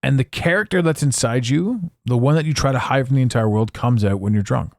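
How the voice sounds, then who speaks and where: A man's voice: medium pitch, brisk, no room sound, clean studio sound. A man hosting a podcast, talking in a blunt, profane, casual monologue. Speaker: podcast host.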